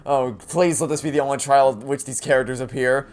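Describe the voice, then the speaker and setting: A man's voice: mid-range voice, steady tone, a little fast, few pauses, darkish tone. A man giving casual let's play commentary, rambling, stammering and self-deprecating.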